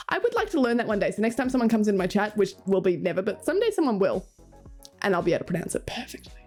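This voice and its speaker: A woman's voice: medium pitch, big pitch swings, fast, darkish tone. A young Australian woman streaming, chatting casually with her viewers and reading chat aloud, laughing often. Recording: faint music behind.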